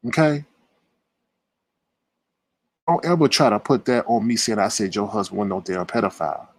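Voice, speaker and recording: A man in a heated livestream rant, confrontational and indignant, swinging between loud outbursts and low muttering, with a husky voice. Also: expressive, moderate pace. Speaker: live-stream commentator. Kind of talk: heated live-stream rant.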